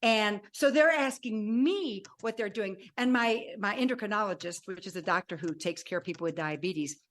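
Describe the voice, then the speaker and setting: A woman in her sixties, a podcast guest telling her life story in an animated way and acting out remembered dialogue. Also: mid-range voice, moderate pace. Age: 60s. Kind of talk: personal storytelling.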